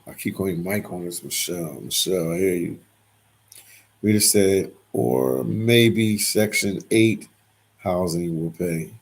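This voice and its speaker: Gravelly deep-voiced man reading live chat. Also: unhurried. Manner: reads chat comments aloud and replies, repeats phrases. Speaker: livestream host reading viewer comments. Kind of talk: casual livestream chat.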